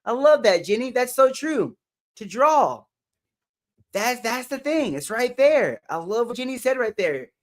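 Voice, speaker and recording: Upbeat high-voiced man hosting a live stream. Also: sing-song, a little slow. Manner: upbeat, greets viewers by name, laughs often. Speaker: livestream motivational host. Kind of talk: live stream chat reading. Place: home livestream setup.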